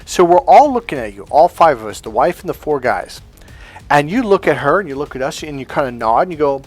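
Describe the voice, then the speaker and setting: Man, dating coach, blunt and profane, somewhat high voice, faint music underneath. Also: very animated, brisk. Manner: blunt, profane, acts out quotes. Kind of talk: casual coaching monologue.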